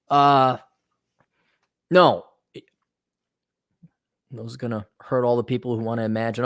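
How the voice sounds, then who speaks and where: A man's voice: mid-range voice, measured pace, pauses often, a bit bright, no echo, clean studio sound. A middle-aged man giving a blunt, sarcastic opinion monologue as a commentator. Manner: sarcastic and blunt, mocks in put-on voices. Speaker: commentator reading and reacting.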